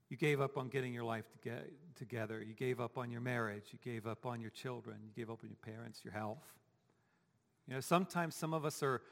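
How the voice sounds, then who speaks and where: With a mid-range voice marked by vocal fry, a pastor preaches a sermon in a church sanctuary, and a long reverb tail lingers after him. He talks conversationally and asks his congregation rhetorical questions.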